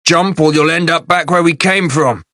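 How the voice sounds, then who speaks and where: A man voicing a gruff former inquisitor in an audiobook, sounding urgent and strained. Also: lowish voice, moderate pace, bright, forceful tone, no echo, studio quality. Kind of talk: audiobook character voice.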